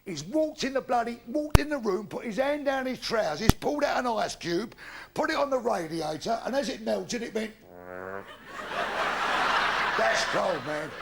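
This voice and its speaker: A man's voice: very high voice, animated, normal speed, gravelly, very noisy. A man doing brash, rude stand-up comedy on stage before a live audience. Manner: brash, rude storytelling with coarse punchlines.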